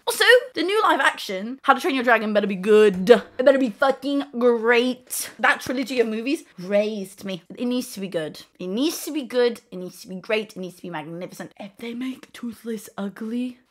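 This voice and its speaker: A woman's voice: a little high, normal speed, few pauses. Chatty young woman rambling. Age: 20s. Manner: chatty, jumps between tangents, swears casually; slips into playful put-on accents. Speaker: host. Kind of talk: rambling casual monologue.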